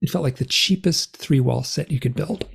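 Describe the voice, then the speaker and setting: Gravelly, husky man telling a story. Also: moderate pace. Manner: animated, acts out remembered dialogue with big pitch swings. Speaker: interview guest. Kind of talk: personal storytelling in conversation.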